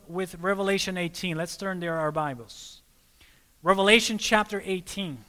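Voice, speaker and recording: A man preaching a sermon, often pausing to let listeners fill in the next word and calling them friends. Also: sits high, pushed and bright, big-room sound.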